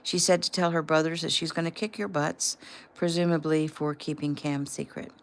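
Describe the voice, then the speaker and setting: Woman reading a calm, reassuring father. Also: low-pitched, normal speed.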